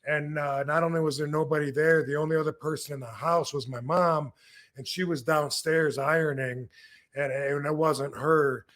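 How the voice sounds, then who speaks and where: A man's voice: fairly high pitch, fairly even intonation, normal speed, fairly bright tone. A middle-aged man from Michigan, hosting a podcast and telling rambling stories in casual chat, full of fillers and restarts. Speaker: podcast host, wrestler.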